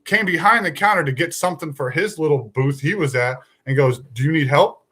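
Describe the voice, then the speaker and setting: Man, casual livestream host, ranting, exasperated storytelling, slightly high voice. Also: a little fast, pushed and bright, breathy edge. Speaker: podcast host.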